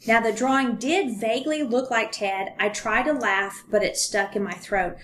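A woman's voice: on the high side, moderate pace, fairly bright tone, a little hiss or hum. Chatty woman retelling a true-crime story. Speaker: podcast co-host.

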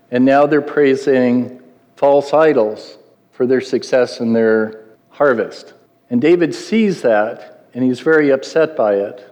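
A man's voice: medium pitch, darkish tone. A middle-aged man delivers a sermon in an earnest, teaching tone. He often stops to put questions to the congregation. His voice sits in the middle of the male range and trails off into the long echo of a hall. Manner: earnest, asks the listeners questions. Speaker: preacher.

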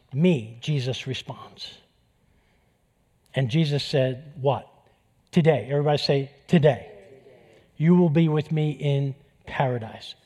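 A man preaching a sermon in a voice pitched a little high. He tells stories with animation and acts out the dialogue. His voice rings with the long reverb of a large hall. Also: husky. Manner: animated storytelling, acting out dialogue. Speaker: pastor.

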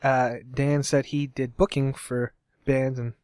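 A man's voice: mid-range voice, flat delivery, slow pace, a little mellow, clear, resonant tone, dry recording. A young man from Cincinnati chats casually as a podcast co-host, rambling and restarting his sentences. His voice sits mid-range and is recorded close and dry, with no room around it. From Cincinnati, USA. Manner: rambling, self-correcting, laughs often. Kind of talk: casual chat.

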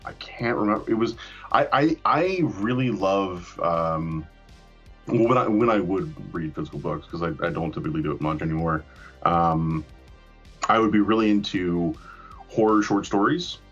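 A man's voice: low voice, lively intonation, normal speed, fairly bright tone, husky, soft background music. A man in casual chat, rambling with fillers and casual swearing. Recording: dull lo-fi recording.

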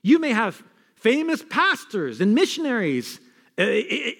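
A male pastor delivers an animated sermon in a notably high voice that leaps up and drops low. He doubles words as he drives toward his points. His voice carries a long reverb from a large church hall. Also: measured pace, gravelly. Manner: animated preaching, swinging between loud high emphasis and low quiet asides; repeats words when building to a point.

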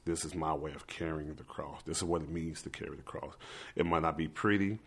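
A man's voice: very deep voice, fairly even intonation, fairly quick, vocal fry, slightly rough. A young man earnestly telling a personal story in a conversational interview, acting out the voices of the people he talked with. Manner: earnest, emotional, quotes himself and others. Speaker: activist guest.

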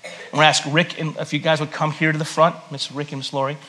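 A man preaching a sermon as a pastor in a church service, conversational and joking, swinging between loud bursts and hushed earnest tones. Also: fairly high pitch, level tone, quick pace.

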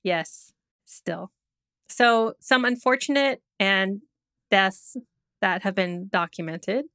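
A woman's voice: mid-range voice, slow, bright, forceful tone, smooth, dry recording, clean studio sound. A woman co-hosting a casual podcast, reading out facts and joking between them with frequent laughs. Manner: chatty, laughs often, reads facts then jokes. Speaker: podcast co-host. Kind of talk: casual chat.

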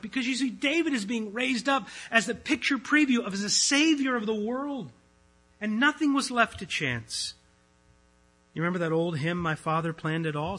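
A man, a pastor, preaching an earnest, conversational sermon that swings between loud stretches and hushed ones. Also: high-pitched, breathy edge, poor audio. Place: church.

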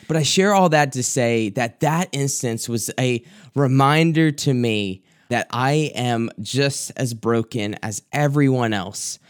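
A young man, a youth pastor, telling a candid personal story of his own mistake as a sermon testimony, with lots of casual fillers. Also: mid-range voice.

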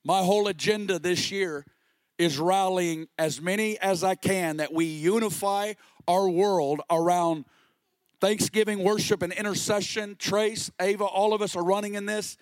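A middle-aged man preaching a sermon with passion, sometimes rising to a shout. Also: sits high, steady tone, a little slow, dry recording. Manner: impassioned, rising to shouts at peaks.

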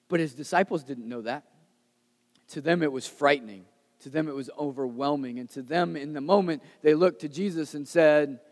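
A pastor preaching a sermon in a casual, conversational way, rising to loud emphasis and dropping to soft, hushed lines. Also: male voice, on the high side, a little fast, big-room sound.

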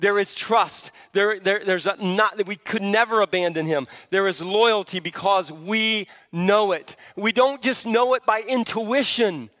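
A man's voice: high-pitched, unhurried, few pauses, bright, forceful tone. A man preaching a sermon as pastor, teaching in a conversational way that builds to fervent emphasis. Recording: long reverb of a large hall.

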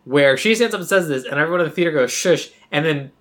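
Bright-voiced man recapping a movie. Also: a little high, animated, quick pace. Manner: rambling retelling with acted-out quotes. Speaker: podcast co-host. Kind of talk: casual movie recap chat.

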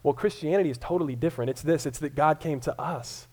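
Talking fast in a slightly high, darkish voice, this young Colorado pastor delivers a sermon. His approach is casual and self-deprecating, with lots of stammered restarts.

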